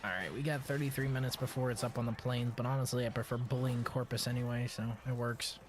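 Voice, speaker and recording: A man's voice: mid-range voice, steady tone, fast, soft background music. A man from Texas streaming a video game, chatting casually and joking, with frequent swearing. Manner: laid-back, joking, swears often. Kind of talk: casual gaming chat.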